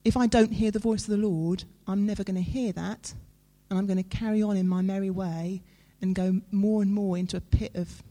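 A woman preaches in a warm, mellow voice. She talks to her listeners in an earnest, conversational way and leans on dramatic pauses. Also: medium pitch, steady tone. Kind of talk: sermon.

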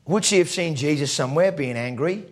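Man preaching, chatty storytelling, slightly high voice. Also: animated, a little fast. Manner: conversational storytelling, acts out quoted voices. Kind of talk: sermon.

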